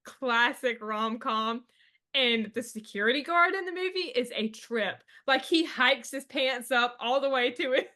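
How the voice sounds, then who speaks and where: A woman with a bright, forceful, somewhat high voice hosts a casual podcast chat. She recaps scenes with chatty enthusiasm. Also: expressive, unhurried. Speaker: podcast host.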